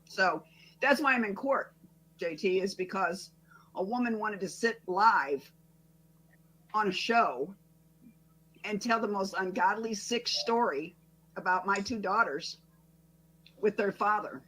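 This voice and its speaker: A woman's voice: mid-range voice, slow, pauses often, sharp tone, slight background noise, rough recording. A woman talking in a rambling, profane way, bragging about her daughter and defending herself in a casual rant. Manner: rambling, profane, proud parent.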